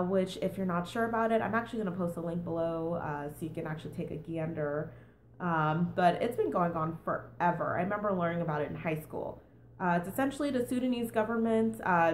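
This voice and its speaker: A woman's voice: lowish voice, echoey room, slight background noise. A young woman giving a casual book review with a sing-songy tone, chatty and full of fillers. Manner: chatty with many fillers and "and stuff".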